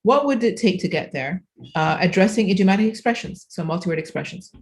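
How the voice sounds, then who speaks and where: A woman's voice: lowish voice, lively intonation, fast talker. Woman giving a keynote lecture. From Egypt. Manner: explanatory, with frequent fillers and self-corrections. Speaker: keynote speaker.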